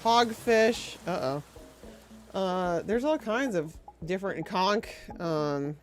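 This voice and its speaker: A game streamer chatting loosely with viewers while playing, voice sitting in an ordinary middle pitch. The talk wanders and doubles back with plenty of fillers, and the opinions are delivered firmly. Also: lively intonation, slow, soft background music, rough recording. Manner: rambling, chatty, answers chat, strong food opinions. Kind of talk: casual live-stream chat while playing.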